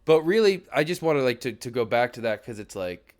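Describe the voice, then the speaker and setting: A man's voice: medium pitch, big pitch swings, a little fast. A young man streaming from his desk mic, talking earnestly and at length to his chat, with restarts and the odd swear word. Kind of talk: reflective casual talk to a stream chat. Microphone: desk mic at a computer.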